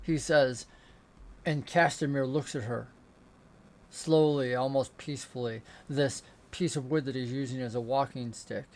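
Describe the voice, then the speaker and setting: A man narrating as game master of a remote tabletop game, descriptive and rising into excited action narration. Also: medium pitch, a little slow. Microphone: remote call setup.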